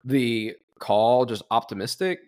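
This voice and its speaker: A man's voice: mid-range voice, expressive, a little slow, darkish tone. A young man co-hosting a podcast, chatting casually and acting out phone calls with his clients as he tells stories. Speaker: podcast co-host.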